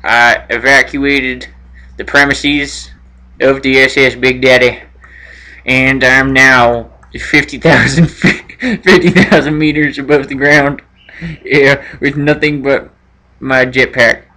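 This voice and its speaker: A young man voicing a doomed male astronaut saying mock-solemn farewells, in a lowered voice. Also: steady tone, slow, sharp tone. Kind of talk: joking role-play over gameplay.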